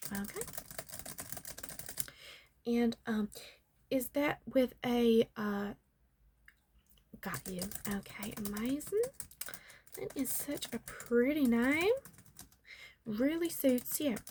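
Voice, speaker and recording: Playing a talkative salon makeup and magic worker in an ASMR role-play, a woman adopts a fake Southern US accent and addresses the listener as honey and darling. Her voice is fairly high, slow and full of pauses, shifting between whispering and soft talk over a faint hiss or hum.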